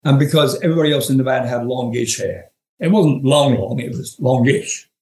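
A man in his seventies from England, a guest in a storytelling interview, tells rambling, profane anecdotes and chuckles often. His medium-pitched voice is brisk and a little mellow, recorded with a roomy echo.

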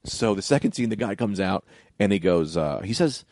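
Animated storytelling man, lively pitch. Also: normal speed, no echo. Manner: animated storyteller, acting out voices and swearing casually. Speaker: comedian telling a story on a podcast. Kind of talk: casual storytelling chat.

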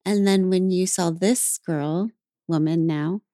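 A woman hosting a podcast interview, affirming her guest with soft murmurs and effusive praise. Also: on the low side, steady tone, takes it slowly, dry recording, studio quality. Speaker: podcast host. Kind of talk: conversational interview.

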